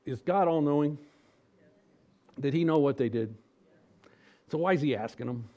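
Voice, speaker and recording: A preacher delivering a sermon with a somewhat high voice. He throws questions at the congregation and swings between loud, punchy lines and quiet, slowed-down appeals. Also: dull audio. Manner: animated, rhetorical questions, acts out voices.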